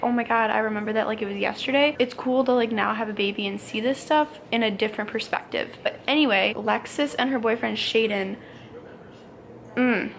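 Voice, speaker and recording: A woman in her twenties and a young mother, ranting casually to camera in a fast, rambling way full of "like". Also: on the high side, vocal fry. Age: 20s.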